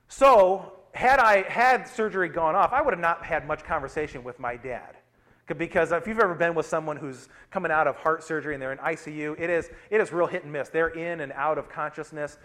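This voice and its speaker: A middle-aged pastor whose voice runs a little high delivers a conversational sermon. Personal anecdotes and scripture intertwine as he repeatedly raises and lowers his loudness.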